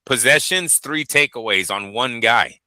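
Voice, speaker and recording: A man's voice: medium pitch, unhurried, bright, forceful tone, dry recording. A man co-hosting a boxing show, chatting casually and tossing in "dude" and "bro". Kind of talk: casual podcast chat.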